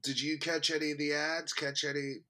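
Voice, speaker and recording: A man's voice: fairly high pitch, little pitch movement, fairly quick, bright, forceful tone. A man co-hosting a movie podcast, chatting casually and laughing often as he teases his friend. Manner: giggly, teasing. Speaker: podcast co-host. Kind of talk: casual chat.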